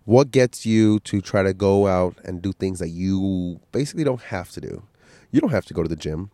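A man with a lowish voice, fighting a cold with a stuffy nose and coughs, rambles bluntly and swears freely as he hosts a solo podcast. The sound is dry and close, with no room around it. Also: animated, normal speed, mellow, no room sound. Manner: profane, blunt motivational rambling. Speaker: podcast host. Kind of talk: casual solo podcast monologue.

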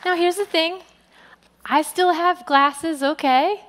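Woman pastor, sermon, high voice, animated delivery, long hall reverb. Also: slow pace, crowd noise, background noise. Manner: animated, voices quoted people with big pitch jumps.

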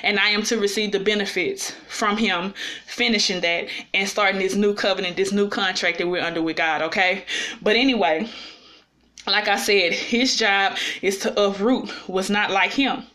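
A woman's voice: mid-range voice, steady tone, moderate pace, pushed and bright. A woman giving an informal, personal sermon, often checking in with her listeners as she speaks. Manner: personal and confessional. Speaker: preacher.

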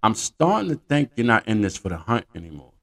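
A sly male bear speaks in a crude spoken joke, put on by a man. The delivery is casual and smug, with a gravelly low voice. It sounds close to the storyteller's own voice. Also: big pitch swings, brisk, recorded from a distance, heavy background noise.

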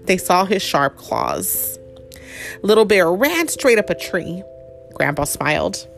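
A woman's voice: on the low side, slow, vocal fry, faint music behind. Woman reading a picture book aloud. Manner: warm, expressive storytelling with asides to the child.

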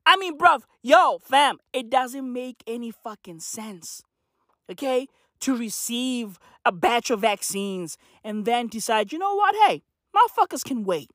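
A woman rants on her podcast, swearing freely and circling back to her points with slang fillers. Her voice sits a little high and swings widely, and she takes her time. The sound is close and dry. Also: expressive, unhurried, dry recording. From South Africa. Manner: profane, repetitive ranting with slangy asides. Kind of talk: casual podcast rant.

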